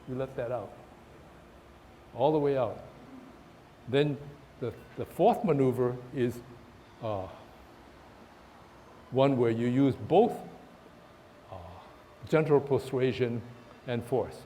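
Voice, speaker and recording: Male tai chi teacher, halting and repetitive while demonstrating, faint background noise. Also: mid-range voice, dark tone. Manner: halting, repeats words, talks while demonstrating moves. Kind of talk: outdoor class instruction. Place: park, outdoors.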